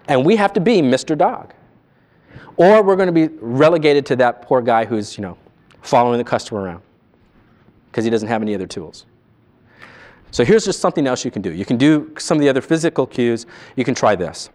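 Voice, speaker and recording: A man training salespeople in a live seminar, animated and quizzing his audience. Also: medium pitch, fairly quick, long pauses.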